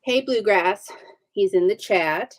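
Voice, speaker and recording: A woman's voice: medium pitch, slow pace. A woman hosting a casual livestream chat, upbeat and chatty with frequent ums. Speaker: livestream host.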